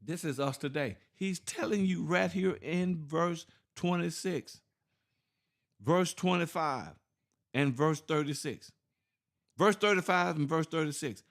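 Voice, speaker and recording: High-pitched guy with teaching bible, lots of "y'all see that?" and laughing. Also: vocal fry. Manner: preachy, rhetorical questions, laughs, reads verses slowly. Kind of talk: informal scripture teaching to an online audience.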